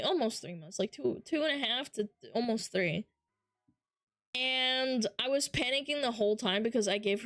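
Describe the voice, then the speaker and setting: High-voiced woman swearing on stream. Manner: animated, frequent swearing. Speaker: VTuber streamer. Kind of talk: casual stream chat. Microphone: headset.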